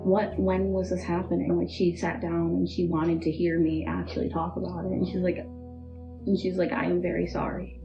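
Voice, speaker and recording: A young woman with a somewhat low voice and a gravelly edge, talking haltingly as she recounts personal hardship. The recording is dull and muffled, with faint music underneath. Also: flat delivery. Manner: halting, full of "like" and "um". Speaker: interview guest. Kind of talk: emotional personal testimony.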